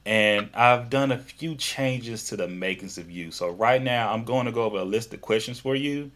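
A man's voice: mid-range voice, moderate pace, fairly bright tone. A man with a Southern US accent hosting a casual interview podcast, talking in a chatty, rambling way with frequent restarts. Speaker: podcast host.

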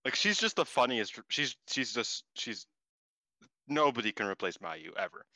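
A man co-hosting a podcast, chatting casually and excitably, laughing and swearing, his voice jumping up in disbelief. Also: medium pitch, moderate pace, dry recording. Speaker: podcast co-host. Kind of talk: casual chat recapping wrestling.

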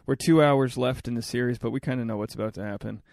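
A man's voice: medium pitch, fast talker, vocal fry, darkish tone, dry recording, clean studio sound. Crude, joking male podcast host. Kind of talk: casual banter.

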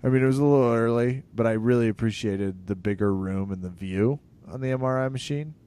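A man's voice: medium pitch, brisk, a little hiss or hum. Joking podcast host man. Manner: joking, animated, with sudden loud emphasis. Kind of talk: casual comedic chat.

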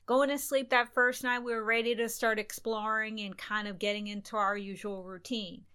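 A young adult woman co-hosting a travel podcast, telling stories in a lively way and acting out bits of dialogue. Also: on the high side, normal speed, clean tone. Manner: animated, recounts events with quoted dialogue. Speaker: podcast co-host. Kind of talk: casual travel storytelling.

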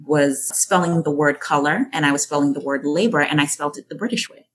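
A woman from Jamaica, a guest in an interview, telling personal stories in a thoughtful, measured way. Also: low-pitched. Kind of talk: reflective interview answer.

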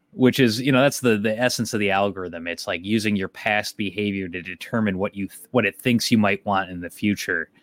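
A man's voice: on the low side, dry recording, studio quality. A middle-aged man from the Detroit area chatting casually as a podcast host, rambling and swearing offhandedly. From Detroit area, Michigan. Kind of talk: casual chat.

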